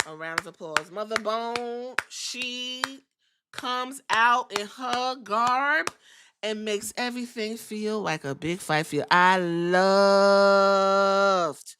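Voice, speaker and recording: A woman's voice: mid-range voice, sharp tone, smooth, dry recording, studio quality. A woman hosting a podcast, recapping wrestling in a sassy, profane way and mimicking the wrestlers. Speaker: podcast host.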